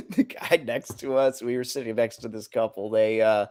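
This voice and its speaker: A man's voice: medium pitch, fairly even intonation, normal speed, darkish tone, no room sound, clean studio sound. A man co-hosting a casual sports podcast, telling stories with lots of fillers and laughter. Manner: laughs often, rambling storytelling with fillers. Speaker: podcast co-host.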